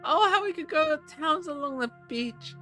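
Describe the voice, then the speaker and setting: A streamer voicing a sweet, wistful ghost-possessed young girl in a high, dreamy way. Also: expressive, moderate pace, sharp tone, faint music behind. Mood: eager. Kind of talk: voicing game dialogue.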